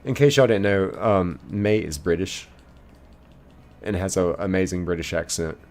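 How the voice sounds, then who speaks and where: A man's voice: deep voice, normal speed, darkish tone. A man live streaming a game, reading viewers' chat messages aloud and answering them playfully. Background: faint game music.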